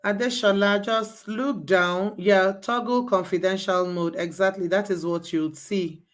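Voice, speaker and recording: Slow, patient woman instructor. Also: mid-range voice, fairly even intonation. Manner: repeats each step, coaxing and patient. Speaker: bootcamp instructor. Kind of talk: live class walkthrough.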